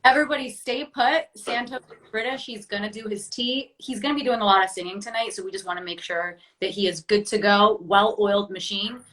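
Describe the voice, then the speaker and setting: A woman's voice: mid-range voice, fairly quick, hardly any pauses, fairly bright tone. Woman, host, live-stream interview, upbeat, chatty, roomy echo. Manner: upbeat, chatty, laughs often.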